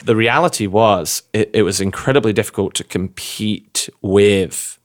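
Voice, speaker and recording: A young man with an English accent, co-hosting a casual podcast and telling stories in a rambling, animated way. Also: lowish voice. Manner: rambling, animated storytelling with quick asides. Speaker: podcast co-host.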